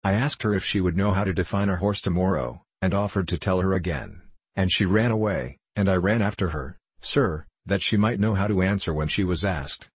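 A man voicing a pale, servile schoolboy who pleads his case in a dropped, gruff tone. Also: deep voice, fairly quick, hardly any pauses, no echo. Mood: pleading. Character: schoolboy informer, pale, eager, whining.

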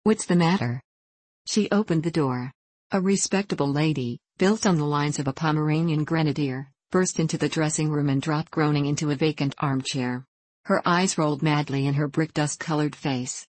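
A woman narrating a classic novel aloud in a steady, measured way. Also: sits low, no echo. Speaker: audiobook narrator. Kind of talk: scripted narration. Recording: dry close recording.

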